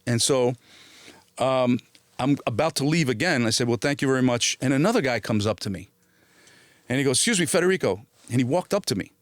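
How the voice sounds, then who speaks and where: A middle-aged actor, born in Italy and raised in New Jersey, tells a story as a guest in a casual interview, animated and swearing freely while acting out the other voices. His voice is medium-pitched and a little fast. The sound is clean studio quality with no echo.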